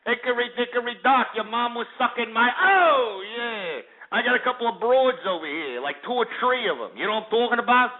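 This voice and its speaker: A man's voice: very high voice, lively intonation, fairly quick, hardly any pauses, a crowd in the background, voice pushed up. A radio host voicing a leering, boastful tough-guy lothario with crude bragging. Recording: lo-fi phone-like radio sound.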